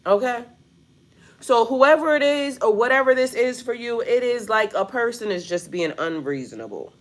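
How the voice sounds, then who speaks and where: A spiritual reader with a slightly high, animated voice speaks at a moderate pace, giving her viewers a casual reading directly. She's blunt and profane, calls them "y'all," and leans heavily on the word "like."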